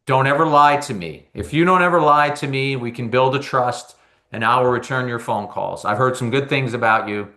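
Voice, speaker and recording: A man imitating a blunt, commanding older male baseball team boss, quoting him in a brisk, insistent raised voice. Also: medium pitch, bright, forceful tone. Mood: stern.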